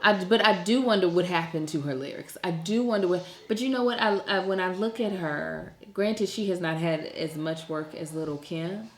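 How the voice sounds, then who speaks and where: A woman's voice: lowish voice, normal speed, few pauses. A woman co-hosting a podcast in casual chat, blunt and opinionated, often laughing. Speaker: podcast co-host. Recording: echoey room.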